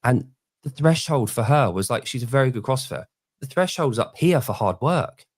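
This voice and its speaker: A man in his forties from Britain, hosting a casual podcast chat and telling stories with lively energy. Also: medium pitch, normal speed, husky, dry recording, studio quality. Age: 40s. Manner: animated storyteller, mimics people in quoted voices. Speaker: podcast host.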